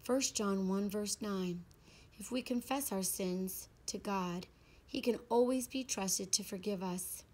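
A woman reading a storybook aloud to young children, as host of a kids' show. Her voice is breathy and soft-edged, with an animated read-aloud delivery at a middle pitch. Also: unhurried, low-quality recording.

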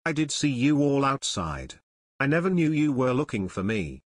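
A man's voice: medium pitch, very animated, moderate pace, no room sound, clean studio sound. A man voicing Ken, a shy, earnest teenage boy who sounds a little hesitant.

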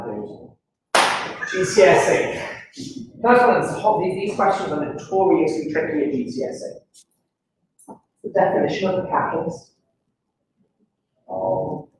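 Man, chemistry teacher, jokey and teasing, very animated pitch, echoey room. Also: noisy background. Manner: jokey, teasing, chatty with students. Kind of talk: live online class teaching.

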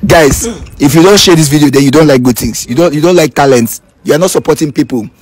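A man's voice: a little high, fast, husky, no echo. A Nigerian man hosting a casual vlog, joking and teasing, slipping into Pidgin. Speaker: vlogger.

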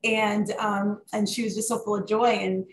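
In a relaxed interview, a woman who is an author and worship leader shares her warm testimony at a normal speed and medium pitch. She's animated, circling back with plenty of fillers and restarts. The room is echoey, with a faint background hiss.

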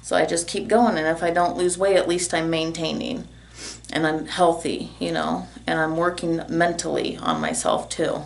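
A woman's voice: deep voice, lively intonation, moderate pace, gravelly, far from the mic. A woman talking to her viewers in a casual vlog from her bathroom, emotional and heartfelt. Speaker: vlogger. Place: home bathroom. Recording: echoey room, voice a bit off-mic.

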